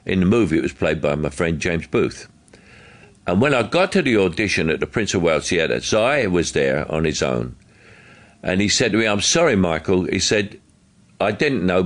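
Deep, animated Cockney raconteur swinging his pitch as he voices others in the tale. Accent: London Cockney. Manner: lively storytelling, acting out quoted dialogue. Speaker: interviewee. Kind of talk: anecdote in an archive interview.

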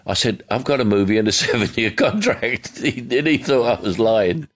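Deep, animated Cockney raconteur swinging his pitch as he voices others in the tale. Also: normal speed. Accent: London Cockney. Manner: lively storytelling, acting out quoted dialogue. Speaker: interviewee. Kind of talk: anecdote in an archive interview.

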